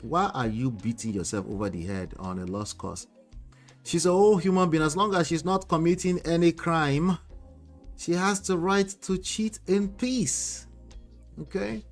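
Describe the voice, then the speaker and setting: A medium-pitched man hosts a commentary show, firing off animated, incredulous questions as he reacts to celebrity clips. He also reads out comments from the chat.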